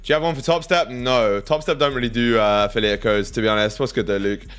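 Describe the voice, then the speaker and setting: A young man chats loosely on a livestream, crude and offhand as he answers viewers' messages. His voice sits at an ordinary middle pitch. Faint music plays quietly underneath. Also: fairly even intonation, fast, smooth. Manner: loose, crude, reads chat aloud. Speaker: livestream trading host. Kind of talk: casual livestream chat.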